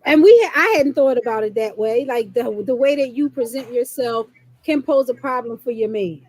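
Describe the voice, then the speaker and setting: A woman's voice: on the high side, normal speed, no echo. A woman co-hosting a podcast, chatting thoughtfully and repeating words as she restarts. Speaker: podcast co-host. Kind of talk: casual chat.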